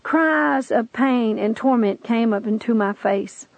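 A woman's voice: fairly high pitch, slow pace, no room sound, low-quality recording. A woman giving an earnest, pleading testimony, telling her story and urging the listener to believe. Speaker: testimony speaker. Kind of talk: preached testimony narration.

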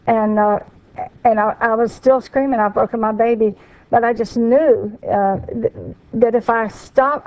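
Older woman earnestly retelling, halting. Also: fairly high pitch, highs cut off. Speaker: guest. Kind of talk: emotional personal account.

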